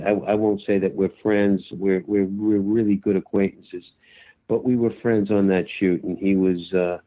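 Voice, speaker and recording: An older actor telling a lively anecdote in an interview, acting out his own shouting as he goes. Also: lowish voice. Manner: animated storyteller, acts out his own shouting. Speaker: actor guest. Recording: tinny phone-like line.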